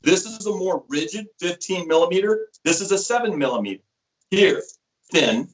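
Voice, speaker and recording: A middle-aged sales rep with a high-sitting voice chats through a casual interview at a moderate pace, trading stories and product explanations. He's animated, performing the quoted voices himself. The sound is muffled.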